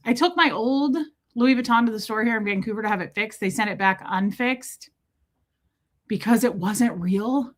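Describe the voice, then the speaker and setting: Chatty woman greeting livestream viewers. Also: on the high side. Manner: chatty, greets viewers by name in quick bursts. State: warm and a bit breathless. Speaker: livestream host. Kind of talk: casual livestream chat. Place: small room with door shut.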